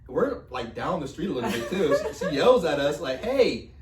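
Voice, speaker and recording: A man's voice: fairly high pitch, very animated, a little fast. A man co-hosting a podcast with his partner, chatting casually and joking with frequent laughs. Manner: playful, joking, laughs often. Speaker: podcast co-host. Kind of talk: casual chat. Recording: roomy echo, distant mic, faint noise.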